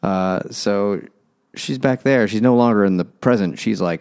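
Very deep-voiced man with dry quips. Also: unhurried, noisy background. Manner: dry one-liner quips. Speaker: podcast co-host. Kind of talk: casual book-club chat.

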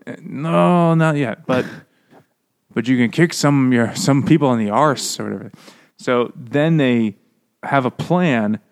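A man's voice: mid-range voice, measured pace. A man co-hosting a beer-and-books podcast, talking in a loose, profane, chatty way. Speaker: podcast co-host. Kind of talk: casual book-club chat over beers.

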